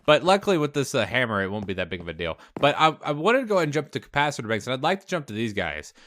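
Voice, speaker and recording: A man's voice: medium pitch, big pitch swings, very fast, background noise. A young man with a mostly hidden Southern US accent, hosting a casual game let's play and chatting while he plays, thinking aloud. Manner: chatty, upbeat, thinks aloud with fillers and laughs. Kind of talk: casual gameplay commentary.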